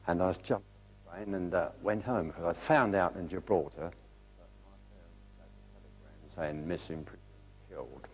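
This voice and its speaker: An older man from England with a very deep voice tells his old war memories plainly, with the odd hesitation. A faint hum sits under the recording. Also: rough recording. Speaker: war veteran interviewee. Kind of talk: spoken recollection.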